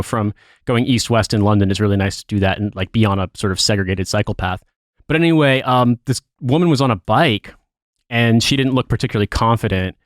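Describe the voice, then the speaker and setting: A man telling a profane, animated story as a podcast co-host in casual chat. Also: fairly low pitch, no room sound, studio quality.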